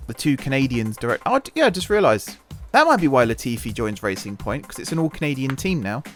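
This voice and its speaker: A man's voice: mid-range voice, big pitch swings, quick pace. A man hosting a gaming channel, chatting and joking to himself while commentating a racing game. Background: game music and engines.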